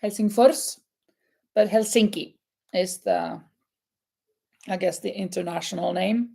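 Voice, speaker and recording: A woman's voice: medium pitch, unhurried, vocal fry, mellow, husky. A woman hosting a live crochet chat, reading out quiz questions and answering viewers, laughing often. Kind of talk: casual live-stream chat.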